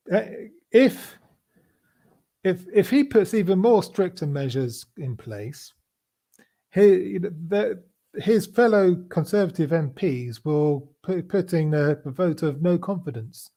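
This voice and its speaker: Slow, halting man with mellow tone. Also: fairly high pitch. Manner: halting, many restarts and fillers. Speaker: podcast host. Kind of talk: casual political chat.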